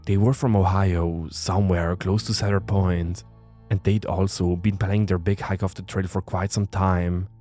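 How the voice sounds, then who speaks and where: A man narrating a first-person horror story in a tense, measured way. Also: low voice, level tone. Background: soft music.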